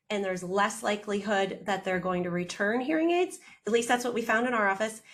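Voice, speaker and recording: A woman audiologist talking in a casual interview, lively and quick, acting out what her patients say. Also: mid-range voice. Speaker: audiologist guest.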